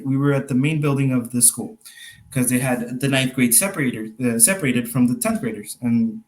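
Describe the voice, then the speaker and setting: A man's voice: mid-range voice, darkish tone, low-quality recording. A young adult man, a magician guest on a casual podcast, rambling through anecdotes, laughing often and acting out what others said. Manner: rambling storyteller, laughs often, acts out quotes.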